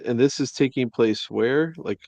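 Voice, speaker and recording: A man's voice: mid-range voice, moderate pace, creaky, darkish tone, dry recording. A man chatting casually as co-host, wisecracking and bemused. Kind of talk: casual reaction chat.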